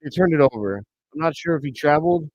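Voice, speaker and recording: Excitable man calling plays on stream. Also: fairly high pitch, fast talker, no echo. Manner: bursts into excited shouts on big plays. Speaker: host of a live reaction stream. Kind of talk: play-by-play commentary. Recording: dry, slightly dull home mic.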